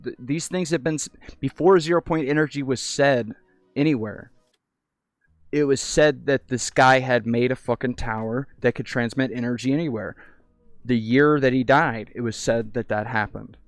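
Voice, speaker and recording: A man's voice: medium pitch, normal speed, no echo. A young man in casual chat in a VR hangout, rambling and swearing freely, stumbling over restarts as he talks into a headset mic. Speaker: VR streamer. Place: virtual reality hangout.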